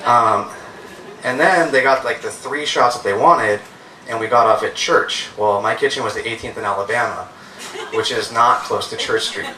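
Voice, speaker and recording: A man's voice: medium pitch, normal speed, pushed and bright. A man in his thirties telling funny, self-mocking stories, casual and profane, at a live stage event. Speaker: storyteller. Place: live stage venue with an audience. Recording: roomy hall, heard from a distance.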